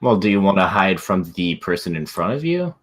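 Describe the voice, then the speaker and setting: A man running a tabletop game as game master, describing scenes and rulings in a relaxed way. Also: deep voice, brisk.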